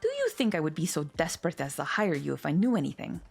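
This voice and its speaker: A woman's voice: deep voice, wildly swooping pitch, quick pace, creaky, soft background music, heavily acted. A woman voicing a fussy, dramatic dog housewife with a put-on German accent. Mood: gushing.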